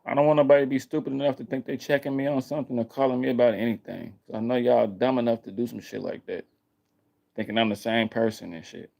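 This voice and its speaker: A man's voice: mid-range voice, steady tone, fast talker, vocal fry, a little mellow. A man vlogging in a heated, casual rant, emphatic and profane, repeating himself.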